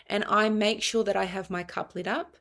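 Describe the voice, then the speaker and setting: A middle-aged Australian woman, a family and child counselor, earnestly explains parenting as a guest in a conversational interview. Her mid-range, slightly bright voice stays fairly even at a moderate pace, and she quotes bits of dialogue to make her points.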